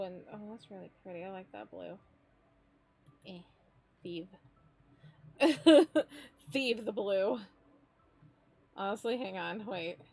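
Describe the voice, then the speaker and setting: A woman's voice: medium pitch, a little mellow. A young adult woman streaming as she draws, chatting casually in a gushing, playful, slangy way. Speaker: streamer drawing live. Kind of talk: casual live-stream chat.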